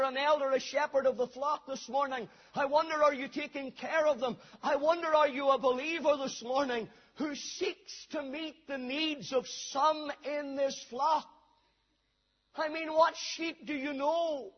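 A man preaching a sermon with emphatic delivery, rising to shouts and dropping to quiet asides. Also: very high-pitched, breathy edge. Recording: dull lo-fi sermon recording.

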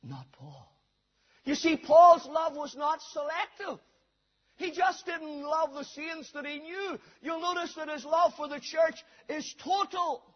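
A man preaching a sermon with emphatic delivery, rising to shouts and dropping to quiet asides. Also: very high voice, expressive, slow pace. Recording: dull lo-fi sermon recording.

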